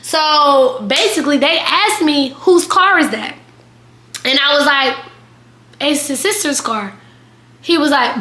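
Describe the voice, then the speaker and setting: Young woman vlogging a crazy storytime, bright sharp voice, roomy echo. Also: high-pitched, slow, pauses often. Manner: animated, dramatic storytelling with quoted voices. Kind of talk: storytime vlog.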